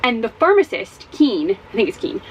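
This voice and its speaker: A woman in a casual home vlog, talking with a bright, lively lilt that swings up and down as she rambles and exclaims. Her pitch sits a little high, and a faint background hiss runs under the recording. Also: moderate pace, low-quality recording. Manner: chatty, rambling, exclaims and repeats herself. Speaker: book vlogger. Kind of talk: casual reading vlog chat. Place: home with dogs.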